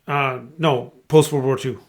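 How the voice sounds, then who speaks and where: A man co-hosting a casual sports podcast, jokey and animated, slipping into silly voices. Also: mid-range voice, a little slow. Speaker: podcast co-host.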